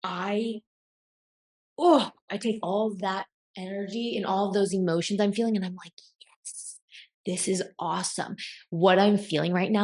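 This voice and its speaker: A woman's voice: lowish voice, darkish tone. Woman, motivational talk, blunt, emphatic, swears casually. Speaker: self-help coach.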